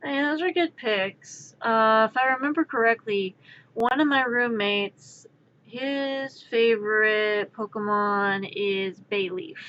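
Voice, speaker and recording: Bright animated young woman streamer. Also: a little high, slow pace, dull audio, a little hiss or hum. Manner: rambling, animated storytelling. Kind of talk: casual chat while drawing. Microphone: streaming mic.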